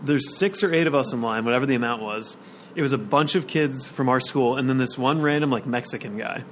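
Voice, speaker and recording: A man's voice: medium pitch, brisk, a little hiss or hum. A young man in a casual podcast chat, telling an anecdote and giggling through it. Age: young adult.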